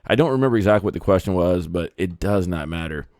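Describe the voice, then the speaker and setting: A man's voice: sits low, expressive, quick pace, darkish tone, dry recording, studio quality. A man hosting a casual comedy podcast, joking around in a laid-back way and chuckling often. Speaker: podcast host.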